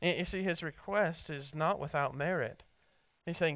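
A fairly high-voiced man preaching with earnest, stumbling intensity, restarting words again and again. His tone is smooth and clear, caught dry and close with no room sound. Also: dry recording, rough recording. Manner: earnest, halting with many repeated words and fillers; rises in pitch and force when stressing a point, drops low and quiet when reflecting. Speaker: pastor. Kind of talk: sermon.

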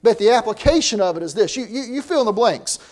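A man's voice: sits high, animated, quick pace, a little mellow. A man preaching a sermon as pastor, in a conversational way that often repeats words.

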